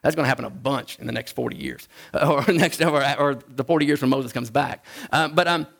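A man preaching a sermon in a conversational, halting way, often restarting his sentences. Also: animated, vocal fry, a bit bright. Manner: acts out the Bible figures in a higher voice. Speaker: pastor.

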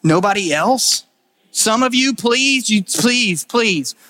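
A male pastor giving a casual, animated sermon, acting out quotes in everyday slang. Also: sits high, slow, in a large hall.

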